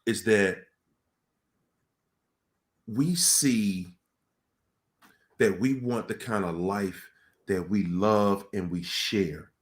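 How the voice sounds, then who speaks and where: A man giving a casual motivational talk to a room, telling stories in colloquial, animated speech. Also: lowish voice, very slow, long pauses.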